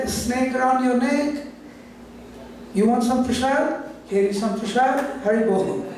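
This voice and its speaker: A man's voice: sits high, a little mellow, slight background noise. A man giving a devotional storytelling class in a temple, acting out his characters' lines in a raised voice. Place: temple hall. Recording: echoey hall from far off.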